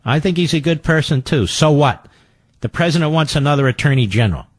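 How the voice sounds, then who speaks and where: Sarcastic, high-pitched talk radio man. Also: lively intonation, fast talker, breathy edge, no echo. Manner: sarcastic, mocking, mimics opponents in quoted voices. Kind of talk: combative political talk radio commentary.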